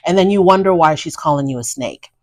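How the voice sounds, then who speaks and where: A woman's voice: sits low, expressive, fast, darkish tone. A woman hosting a casual reality TV recap, talking bluntly and sassily to the people on the show. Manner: blunt, sassy, talks straight to the people on screen.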